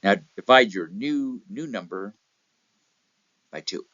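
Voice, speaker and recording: Man, motivational speaker, very low voice, acts out story voices, dull dry recording. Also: animated, takes it slowly, sharp tone, no room sound. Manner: tells anecdotes, acts out voices, repeats "okay?". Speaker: real estate speaker. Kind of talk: motivational talk with stories.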